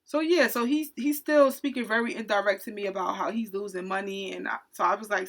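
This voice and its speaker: A woman who works as a retail cashier, telling a story from her job in an indignant, animated storytime rant. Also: medium pitch, fairly quick, gravelly.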